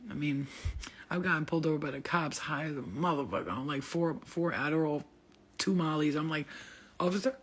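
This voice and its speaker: A woman's voice: low voice, fairly quick. A woman hosting a casual livestream as a spiritual healer, talking bluntly and profanely and laughing often as she answers viewers. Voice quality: gravelly, husky.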